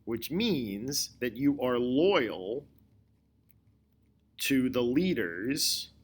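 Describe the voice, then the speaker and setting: A male history teacher giving a recorded lecture, explaining slowly and deliberately, often repeating his key points. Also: medium pitch, sing-song. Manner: slow, deliberate explaining with repetition.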